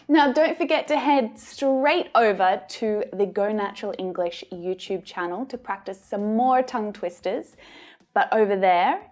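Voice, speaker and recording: A woman with an Australian accent teaching English pronunciation, modelling each sound slowly and carefully. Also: mid-range voice, a little mellow. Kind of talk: pronunciation lesson.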